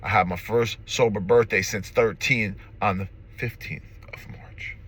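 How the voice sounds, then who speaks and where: A man in his forties talks in a fairly low, tense, forceful voice. He is earnest and emotional, close to tears, and he keeps coming back to the same short slogans. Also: fairly even intonation, measured pace, slightly rough. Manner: earnest and emphatic, repeats slogans. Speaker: recovery vlogger. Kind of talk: personal testimony to camera. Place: car.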